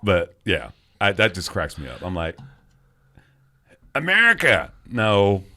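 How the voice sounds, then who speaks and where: Man, forties, podcast co-host, casual beer chat, jokey, swears, lively ups and downs. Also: low voice, normal speed. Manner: joking, swearing, laughs often. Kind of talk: casual chat over beers.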